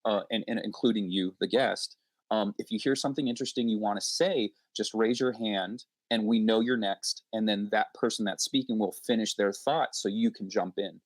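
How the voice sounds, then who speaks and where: A man's voice: lowish voice, moderate pace, no echo. A man, a podcast host, chatting on a panel and acting out past exchanges in a rambling way. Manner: rambling, acts out quoted exchanges. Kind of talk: casual panel discussion.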